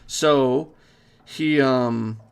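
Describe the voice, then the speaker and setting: A man, a game director, giving live playthrough commentary and answering viewer questions in a relaxed, halting way. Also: medium pitch, gravelly, smooth. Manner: relaxed, hesitant with fillers.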